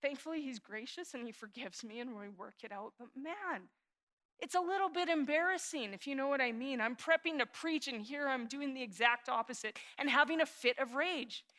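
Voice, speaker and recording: A woman pastor in her thirties delivers an earnest, confessional sermon, sinking into hushed prayer before rising into animated emphasis. Her voice sits high.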